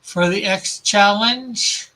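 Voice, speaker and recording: Slow, bright-voiced man chatting on stream. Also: sits high. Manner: relaxed, reads viewer comments aloud, laughs at own jokes. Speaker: comic artist streaming while drawing. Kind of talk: casual live-stream chat.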